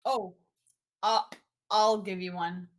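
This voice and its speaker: A woman's voice: mid-range voice, fairly even intonation, slow pace. A woman guest on a livestream giving dry, teasing, short replies. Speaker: band member guest. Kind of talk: casual livestream chat.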